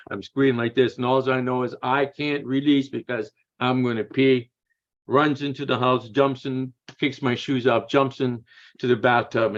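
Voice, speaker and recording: A man's voice: mid-range voice, a bit bright, highs cut off. A man telling blunt, crude-humored stories as an interview guest, tagging his lines with "man" and "eh". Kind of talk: casual storytelling.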